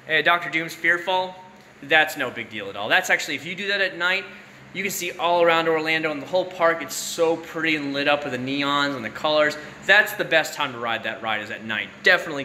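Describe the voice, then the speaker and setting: A slightly high, pushed, bright male voice belongs to a livestream host in his thirties chatting casually with viewers late at night. He rambles and greets people by name, recorded in an echoey room with faint noise.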